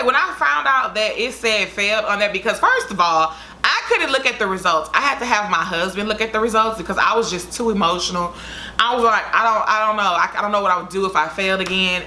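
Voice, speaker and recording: A woman's voice: mid-range voice, pushed and bright, a little hiss or hum. A young woman vlogger telling a story to her viewers in a chatty, dramatic way. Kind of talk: casual storytime vlog.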